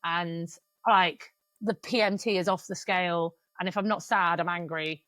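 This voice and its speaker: A woman's voice: lowish voice, fairly even intonation, moderate pace, fairly bright tone, no echo. A woman in her thirties, co-hosting a podcast, talking frankly and emotionally with some swearing, and speeding up when she vents. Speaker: podcast co-host. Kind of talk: casual podcast chat.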